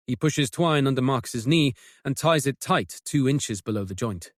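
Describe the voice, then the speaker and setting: A man narrating a mystery audiobook with measured, tense storytelling. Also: mid-range voice, expressive, no room sound, clean studio sound. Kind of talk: scripted narration.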